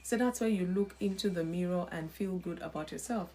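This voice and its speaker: A woman hosting a live-stream talk on emotional health, speaking in an expressive, preacher-like way with lively emphasis. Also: lowish voice, fairly quick. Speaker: host.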